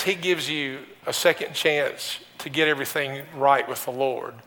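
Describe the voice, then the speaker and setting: A man's voice: on the high side, gravelly, sharp tone. A man pastor giving a conversational sermon, telling a personal story with restarts and rhetorical questions. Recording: long hall reverb.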